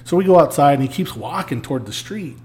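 A man, a podcast guest, telling a story in a casual, lively way, acting out what people said with swearing and laughs. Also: a little high, quick pace, slight background noise. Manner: animated, acts out quoted lines with swearing and laughs.

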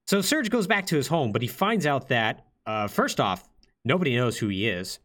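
A man's voice: medium pitch, normal speed. A young man hosting a podcast, casually retelling a game plot with lots of fillers. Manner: lively, filler-heavy, acts out quotes. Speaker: podcast host.

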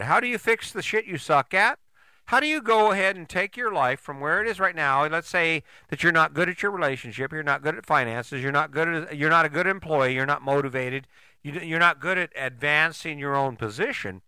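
Blunt older man, bright animated voice. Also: on the high side, normal speed, clear, resonant tone, no echo. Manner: blunt, swearing, rhetorical questions. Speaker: podcast host. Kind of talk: motivational monologue.

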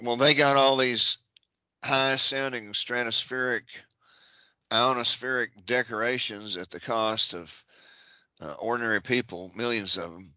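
A man's voice: medium pitch, steady tone, a little slow, pushed and bright, dry recording, muffled recording. A man on a podcast reading out a long list of titles and offices, breaking it up with dry joking asides. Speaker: podcast guest.

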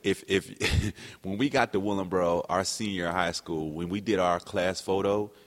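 A man with a very low voice hosts a podcast and tells stories from his youth, lively and animated, slipping into the voices of the people he quotes. His voice carries a long reverberant tail, as if the room were large and hard. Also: moderate pace. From New Jersey. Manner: animated storyteller who acts out quotes. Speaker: podcast host. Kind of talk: casual reminiscing chat.

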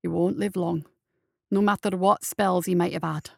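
A woman voicing a weary male judge who speaks low, soft and tired. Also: fairly even intonation, moderate pace, gravelly, no echo, studio quality.

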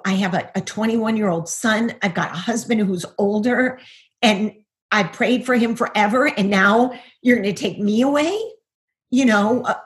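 A middle-aged woman, a guest, giving a personal testimony over a video call, earnest and full of rhetorical questions. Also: mid-range voice.

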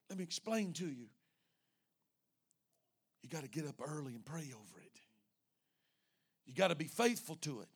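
A male pastor preaching an evening sermon, moving from hushed, intimate lines to shouted peaks. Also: mid-range voice, husky.

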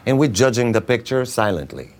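A man with an Eastern European accent, an actor telling animated anecdotes and laughing often while acting out the voices of people in his stories. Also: medium pitch, a little fast. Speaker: actor guest. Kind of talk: animated storytelling.

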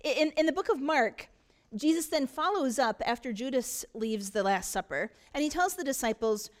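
A woman's voice: high-pitched, lively intonation, moderate pace. A woman pastor preaching a sermon in a church, retelling a story earnestly with frequent restarts.

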